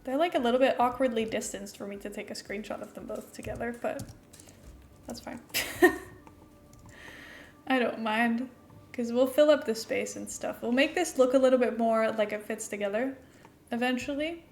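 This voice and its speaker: Young female streamer, international-school American accent, a little high-pitched, chatty and giggly. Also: moderate pace, long pauses, a little mellow, a little hiss or hum. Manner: chatty and giggly, answering chat between building tasks. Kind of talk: casual chat while playing a game live.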